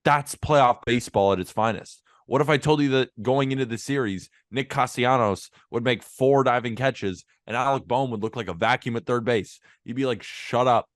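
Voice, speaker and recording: A man co-hosting a casual sports podcast, chatty and quick to laugh, on a close mic. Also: medium pitch, no echo. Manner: animated, laughs often, chatty. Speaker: podcast co-host.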